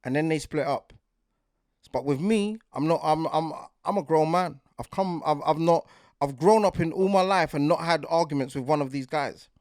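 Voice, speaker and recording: A man's voice: a little high, normal speed, darkish tone, dry recording, studio quality. A man in his forties with a London accent, hosting a podcast in casual, rambling talk that keeps asking if you get what he's saying. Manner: rambling, repeats "do you get what I'm saying", grows more heated. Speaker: podcast host.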